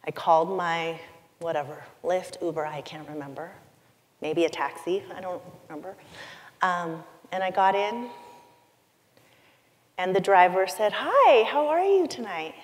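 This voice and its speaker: A middle-aged woman giving a keynote talk, telling a personal story in a confessional, emotive way with deliberate pauses. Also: lowish voice, fairly even intonation. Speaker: keynote speaker. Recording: long hall reverb.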